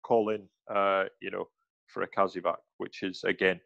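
A man, a former soldier, telling animated anecdotes in a casual interview, slipping into quoted voices and restarting his sentences. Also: sits low, normal speed, gravelly, dry recording, highs cut off.

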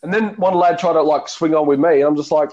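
A man's voice: fairly high pitch, steady tone, fast, mellow. A man from Australia with an Australian accent, chatting casually and swearing freely as a podcast co-host. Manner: laid-back, profane banter. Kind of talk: casual chat. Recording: dull lo-fi mic.

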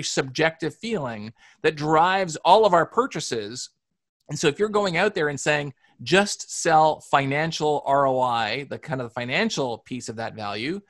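A man from Canada, a sales author, answering interview questions in an energetic, explanatory way with rhetorical questions. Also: fairly high pitch.

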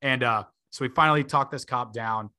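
A man's voice: mid-range voice, brisk, bright, forceful tone. A man in his twenties, a podcast host, telling a long story in a casual way, full of fillers and laughing asides.

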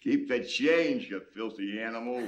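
A man's voice: mid-range voice, normal speed, lightly acted. A man playing a menacing old-movie gangster. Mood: gruff. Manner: gruff, threatening, clipped tough-guy delivery. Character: menacing gangster man threatening a delivery boy. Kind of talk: old-style gangster film acting.

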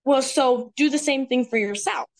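A woman's voice: high-pitched, normal speed. A woman guest in a casual podcast conversation, talking earnestly and reflectively. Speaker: speaker at a women's retreat.

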